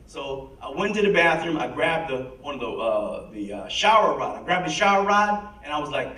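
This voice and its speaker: A man's voice: on the high side, lively intonation, normal speed, sharp tone. A man in his fifties telling a personal recovery story to an audience, acting out the voices of the people in it. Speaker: guest speaker. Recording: echoey hall, mic from a distance.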